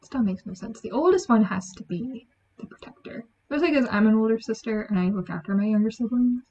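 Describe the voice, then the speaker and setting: A woman giving a chatty, animated book review, acting out lines from the story. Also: a little high, quick pace. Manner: chatty, animated, acts out quotes. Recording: dull lo-fi sound.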